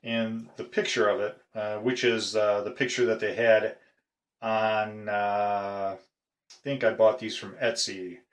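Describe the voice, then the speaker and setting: Brief: middle-aged male collector, slow, lowish voice, hesitant show-and-tell, echoey room. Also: little pitch movement. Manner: halting, with frequent "uh" pauses. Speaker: padlock collector. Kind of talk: casual show-and-tell video.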